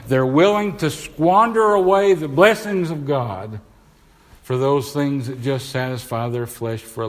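A middle-aged man preaches in a church, his voice a touch higher than most men's. He reads verses aloud and fires rhetorical questions at the congregation. The hall adds a long, ringing reverb to every line. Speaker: pastor. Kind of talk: sermon. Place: church sanctuary.

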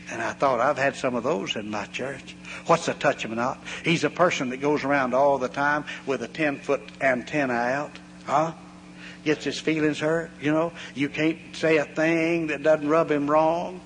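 A man's voice: fairly high pitch, normal speed. A man preaching a folksy sermon, telling homespun stories and acting out the voices in them. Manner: homespun, animated, acts out voices in anecdotes. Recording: long hall reverb, faint hum.

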